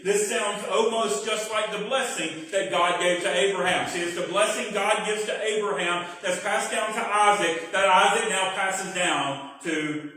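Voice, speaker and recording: A man's voice: high-pitched, unhurried, pushed and bright. A male pastor teaching a Bible study sermon in a dramatic, explanatory way. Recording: very echoey hall from far off.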